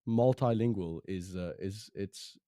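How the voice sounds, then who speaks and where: A man's voice: low-pitched, measured pace, warm tone, dry recording, studio quality. A man from South Africa with a South African accent, casting esports in chatty, laughing banter between games. His first language is Afrikaans. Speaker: esports caster. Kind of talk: casual chat between games.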